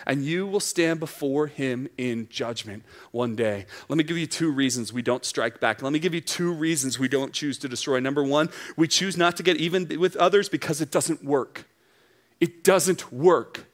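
A man's voice: fairly high pitch, moderate pace, hardly any pauses. A man preaching a sermon to young adults, earnest and emphatic, building his points through repeated phrases.

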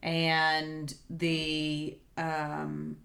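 Woman podcast host, low voice, unhurried, musing delivery, casual film discussion. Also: completely flat delivery, vocal fry, a bit bright. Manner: slow, thoughtful, with many fillers.

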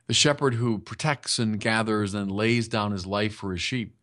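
A man's voice: fairly low pitch, steady tone, moderate pace, a bit bright. An older man preaching a Sunday sermon in a conversational, emphatic way, often calling to his listeners. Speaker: bishop preaching.

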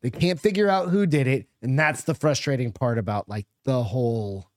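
A podcast co-host with a mid-range voice chats casually, telling loose, rambling stories with plenty of swearing. He speaks at a moderate pace, in studio quality with no echo.

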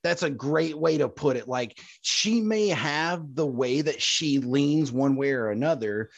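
A man co-hosting a podcast in casual chat, calmly laying out his points and retelling scenes. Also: mid-range voice, dry recording. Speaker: podcast co-host.

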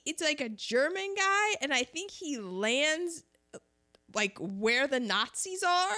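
A woman chatting casually about a war film, acting out scenes and laughing often. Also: sits high. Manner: animated, acts out lines from the film, laughs often. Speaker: co-host discussing a war film. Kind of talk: casual chat.

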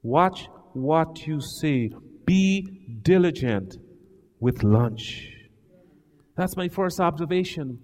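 Animated male preacher in an echoing hall. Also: a little high, takes it slowly. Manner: emphatic and dramatic, with sudden loud swells. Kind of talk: sermon. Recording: long hall reverb.

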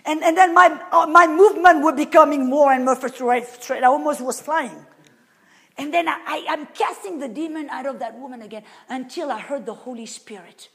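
Woman, high voice, preacher, emphatic sermon, rhetorical questions, loud to hushed. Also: normal speed. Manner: swings between loud and very soft.

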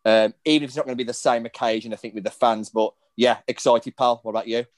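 A man co-hosting a football podcast, chatty and animated, often repeating words as he goes. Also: medium pitch, fast, no room sound. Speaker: podcast co-host. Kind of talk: casual football podcast chat.

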